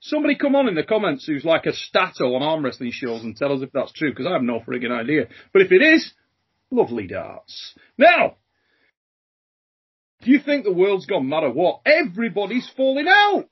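A high-pitched, bouncy man hosts a podcast with a husky edge to his voice. He jokes and banters in quick slang over a slightly muffled remote call. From Britain. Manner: lively, joking, slangy. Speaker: podcast host.

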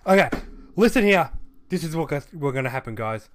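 A man co-hosting a podcast who chimes in with laughs and sweary, excitable riffs in casual banter. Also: mid-range voice, quick pace, slight background noise. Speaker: podcast co-host.

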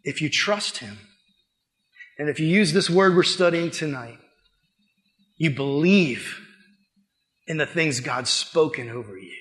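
A youth pastor preaching to students, earnest, with loud emphatic peaks that drop to hushed quiet lines. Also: male voice, on the high side, animated, unhurried, long pauses. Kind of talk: sermon. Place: room with a youth group.

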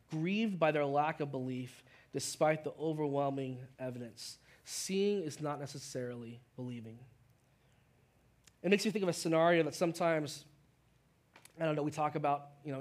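A pastor preaches a conversational sermon in a voice on the high side, quickly acting out the voices of the people in his story.

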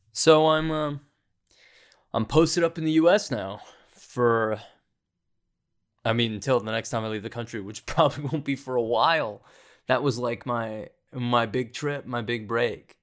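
A man's voice: mid-range voice, fairly bright tone. A man talking alone into his podcast mic, wandering from one tangent to the next. He mocks himself and everyone else with a sarcastic, offhand tone. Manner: sarcastic, self-deprecating, rambling storyteller. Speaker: podcast host. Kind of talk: casual solo podcast rambling.

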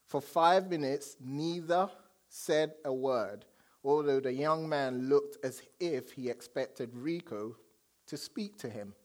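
Slow, dramatic male pastor preaching. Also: medium pitch. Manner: storytelling with dramatic swings from loud to hushed. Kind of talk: sermon.

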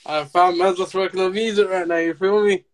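A man's voice: sits high, level tone, brisk. A laid-back man talking as a music producer guest on a live stream, using casual slang.

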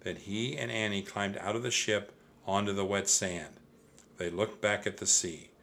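A man reading a children's book aloud, expressive and speaking straight to young listeners. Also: fairly low pitch, moderate pace, creaky. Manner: expressive, addresses kids directly. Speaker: storyteller.

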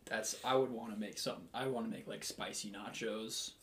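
A man's voice: on the low side, steady tone, a little fast, fairly bright tone. A man co-hosting a casual podcast, joking and laughing through a loose back-and-forth chat. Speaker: podcast co-host. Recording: roomy echo.

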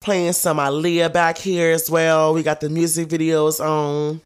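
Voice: medium pitch, flat delivery, a little slow, clean tone. A young adult podcast co-host in casual chat, playful and slangy, swearing freely.

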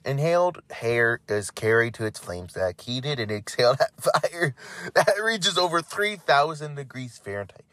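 A man's voice: medium pitch, lively intonation, moderate pace, fairly bright tone, no echo. A man hosting a casual podcast, reading entries aloud with frequent stumbles, restarts and chatty asides. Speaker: podcast host.

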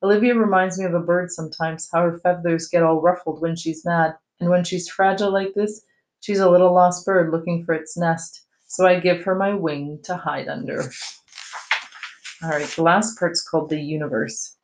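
A reader narrating a novel aloud for a class, in a plain, even storytelling manner. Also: mid-range voice, moderate pace, poor audio. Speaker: teacher reading aloud.

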